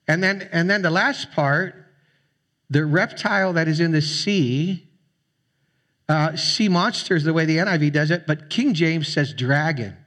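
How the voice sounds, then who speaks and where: A man preaching a sermon as a pastor, speaking conversationally with frequent fillers and restarts. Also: fairly high pitch. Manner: conversational, with fillers and repeated words.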